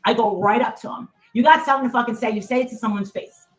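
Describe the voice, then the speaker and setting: A woman's voice: on the high side, quick pace. Furious middle-aged New Jersey woman, echoey. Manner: profane, confrontational, heated. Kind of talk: angry livestream rant. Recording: echoey and distant, faint music.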